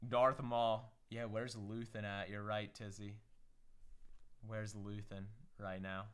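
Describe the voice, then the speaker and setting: A man's voice: lowish voice, level tone, slow, a bit bright, smooth. A young man hosting a casual livestream, opening card packs and talking to chat in hyped, slangy bursts.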